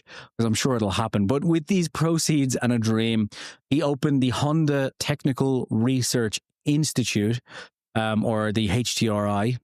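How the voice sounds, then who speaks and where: A man's voice: medium pitch, darkish tone, no room sound. Guy rambling through a car history podcast, dry close sound, joking at himself, lots of ums. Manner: rambling and self-deprecating, many fillers. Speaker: podcast host. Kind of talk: casual solo history podcast. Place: small home studio.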